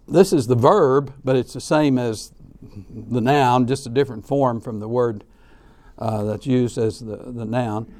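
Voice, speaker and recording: A man preaching a sermon on baptism in an emphatic way, with frequent restarts and repeated words, shifting loudness and pace. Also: medium pitch.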